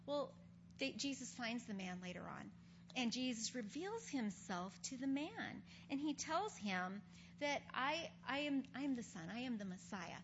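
A woman's voice: high-pitched, expressive, moderate pace, sharp tone. A woman giving a conversational Bible teaching, earnestly retelling scripture stories in everyday speech. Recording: dull recording with faint hum.

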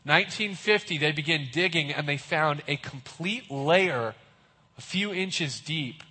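A man preaches in a large hall, and his voice carries a long reverb. He tells the story vividly, slipping into the voices of bystanders. His voice sits a little higher than most men's. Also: expressive, a little slow, bright, forceful tone, breathy edge. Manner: vivid, acts out onlookers' voices. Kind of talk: sermon storytelling.

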